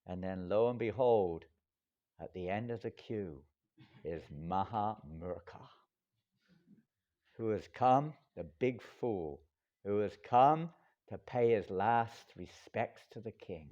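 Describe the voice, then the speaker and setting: A monk giving a lively, dramatic storytelling sermon with wry asides. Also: male voice, fairly low pitch, slow. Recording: dull lo-fi lecture recording.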